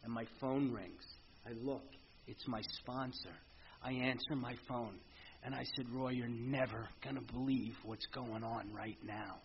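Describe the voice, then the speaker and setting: A middle-aged man speaking earnestly at a recovery meeting, telling his story in a halting way with frequent restarts. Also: medium pitch, fairly even intonation, slight background noise. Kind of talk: personal recovery testimony. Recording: muffled lo-fi meeting recording with faint ambience.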